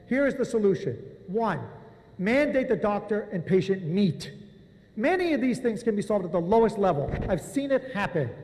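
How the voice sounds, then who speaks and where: A man with a notably high voice delivers confrontational testimony at a public hearing, pressing officials point by point. His words ring out with a long reverb from the hearing room. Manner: forceful, confrontational, addresses officials directly.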